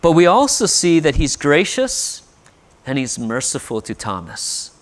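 A man's voice: fairly high pitch, sing-song, a little slow. A male pastor preaching a sermon in an earnest way, often asking "right?". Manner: earnest, with frequent rhetorical "right?".

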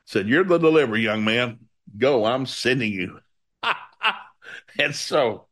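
A man preaching through a Bible passage, reading it aloud and breaking off into folksy asides. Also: mid-range voice.

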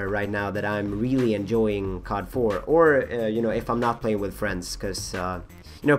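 Young male gaming host, husky and rambling, self-mocking, with faint background music. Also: medium pitch. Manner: rambling, self-mocking, many fillers and restarts. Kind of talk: rambling gameplay commentary.

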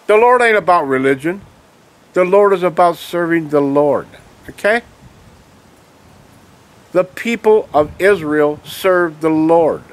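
An angry man delivering a ranting monologue to his viewers, full of emphatic rhetorical questions and tag "okay?"s. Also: fairly high pitch. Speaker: video blogger.

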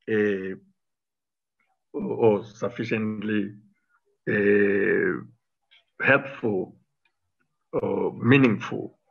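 A middle-aged man speaks with a bright, forceful edge, pressing his points combatively and stumbling through fillers and restarts. His voice comes through a dull, lo-fi remote recording. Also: medium pitch, creaky, breathy edge. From Zimbabwe. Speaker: interview guest, former cabinet minister. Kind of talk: political interview talk.

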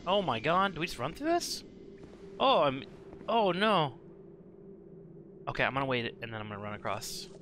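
A man giving casual, jokey game commentary while playing co-op, with excitable yelps and laughs. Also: on the high side, moderate pace, long pauses, a little hiss or hum. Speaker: co-op let's play gamer.

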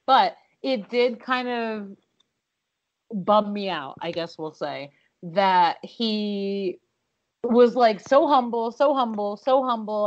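A woman co-hosting a podcast, talking in an animated, outspoken way with some swearing. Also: medium pitch, slow. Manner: animated, opinionated, with profanity and restarts. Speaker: podcast co-host. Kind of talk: casual podcast chat. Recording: slightly dull, muffled audio.

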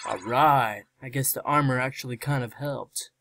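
A man giving gameplay commentary, excitable, shouting and squealing in reaction to the game. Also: medium pitch, normal speed, creaky, heavy background noise. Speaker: let's play gamer. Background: game music.

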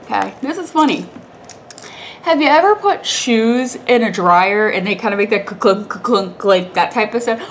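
A woman's voice: medium pitch, expressive, normal speed, a little hiss or hum. A young woman vlogger with a congested, stuffy voice, telling a rambling story to the camera in a chatty way, laughing often.

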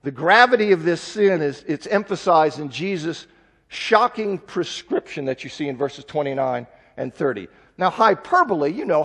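A man preaching a sermon in a church, urging the congregation directly. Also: sits high. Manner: urgent, exhorting, direct address to congregation. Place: church sanctuary. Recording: long echo in a large hall.

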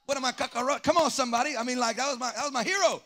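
A man's voice: very high-pitched, rapid-fire, fairly bright tone. A man preaching as a pastor to his congregation, fervent and full of call-and-response, slipping into a sing-song cadence. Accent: Southern Californian. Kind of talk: sermon. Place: church sanctuary.

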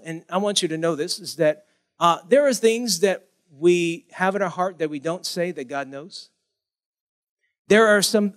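A man preaching a sermon as pastor, animated, acting out pleading voices in a high whine.

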